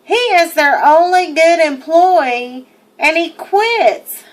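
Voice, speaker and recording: A woman's voice: extremely high pitch, lively intonation, slow pace. A young woman giving an indignant, emphatic first-person account while narrating over video, swearing freely. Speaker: person narrating her own arrest footage.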